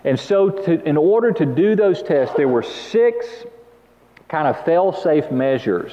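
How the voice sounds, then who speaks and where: A man preaching a sermon, telling stories with lively emphasis and asking the congregation to repeat after him. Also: a little high, unhurried, a little hiss or hum. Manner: animated storytelling, laughs, calls for audience response. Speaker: pastor. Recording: muffled sound with long hall reverb.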